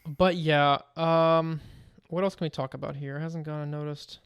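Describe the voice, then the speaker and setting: A man's voice: a little high, fairly even intonation, normal speed, clean tone, dry recording. A man co-hosting a casual gaming podcast, telling stories animatedly and laughing as he goes. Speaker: podcast co-host. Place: home.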